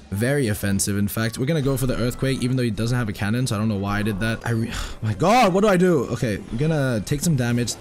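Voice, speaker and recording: A hoarse young man giving excitable, self-mocking live commentary while playing a mobile game, swearing often. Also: mid-range voice, a little hiss or hum. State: hoarse, recovering from a lost voice.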